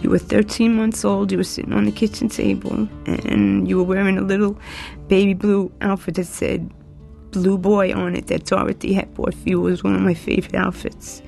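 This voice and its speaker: A woman recording personal messages to her young son, speaking tenderly and haltingly with pauses and restarts. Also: mid-range voice, little pitch movement, creaky, mellow, soft background music. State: crying.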